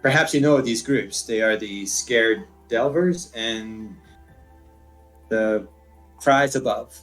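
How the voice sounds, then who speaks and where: A man's voice: fairly low pitch, slow, fairly bright tone, faint music behind. A man voicing a stern, businesslike retired woman cop in a tabletop game. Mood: firm. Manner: firm, businesslike.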